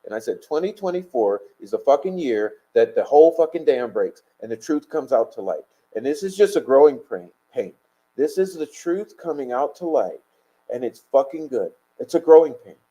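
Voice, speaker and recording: A man hosts a loose late-night livestream, talking in a mellow, warm voice at a middling pitch. He rambles, greets viewers and swears for emphasis. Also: animated, moderate pace, low-quality recording. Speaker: livestream host. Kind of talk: casual livestream chat, reading viewer comments.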